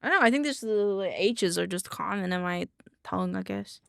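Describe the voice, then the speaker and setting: A woman's voice: mid-range voice, animated, fairly quick, creaky, a bit bright, clear, resonant tone, no room sound, clean studio sound. A young woman with a Southern accent, rambling goofily to her chat while streaming. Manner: goofy, rambling, talks to chat. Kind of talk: casual live-stream chat.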